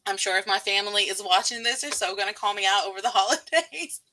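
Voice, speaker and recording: A woman's voice: mid-range voice, fast talker, sharp tone. A woman in her thirties from Texas with a Texan accent, chatting casually and laughing often as she hosts a live writing stream. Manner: giggly, chatty, frequent laughter. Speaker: livestream host.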